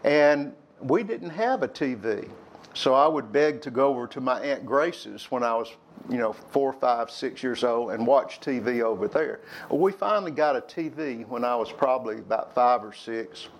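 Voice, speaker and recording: An older man tells candid personal stories to young people, rambling a little and raising his voice to act out old quarrels. His mid-range voice is animated, and he speaks at a normal speed.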